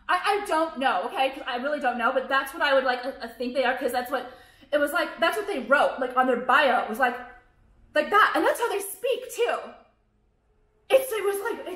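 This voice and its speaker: A woman's voice: sits high, bright, forceful tone. A woman in her thirties, a fashion vlogger, ranting bluntly and profanely to the camera, rambling with lots of fillers. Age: 30s. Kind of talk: casual ranting monologue to camera. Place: room at home with white walls. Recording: echoey room.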